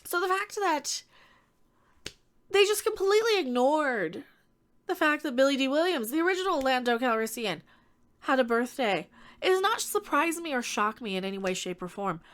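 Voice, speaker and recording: A woman YouTube commentator, stuffy from allergies, talking in an exasperated, sarcastic way with halting restarts. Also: sits high, animated, a bit bright. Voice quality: stuffy, nasal. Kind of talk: casual opinion commentary.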